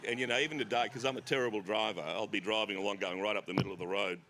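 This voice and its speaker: A man's voice: fairly low pitch, rapid-fire, a bit bright, a little hiss or hum. An Australian author telling rambling, self-deprecating stories on a festival stage, often laughing at his own jokes. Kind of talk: rambling anecdotal stage conversation. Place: festival stage before an audience.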